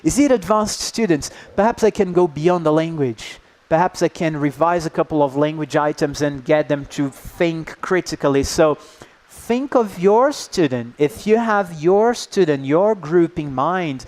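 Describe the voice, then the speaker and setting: A man presenting a live workshop to teachers, lively and engaging, often checking in with the group. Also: on the high side, measured pace. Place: indoor workshop room.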